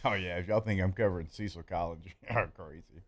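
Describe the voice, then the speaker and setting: A man co-hosting a sports radio show, self-deprecating and quick to laugh. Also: deep voice. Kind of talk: casual sports talk. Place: radio studio.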